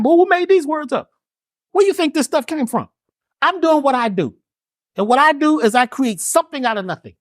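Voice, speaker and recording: The voice is extremely high and sing-song, a little fast, belonging to a man interviewed as a spiritual healer and herbalist. He teaches like a preacher, emphatic, with rhetorical questions and slang, in a dry studio-quality recording.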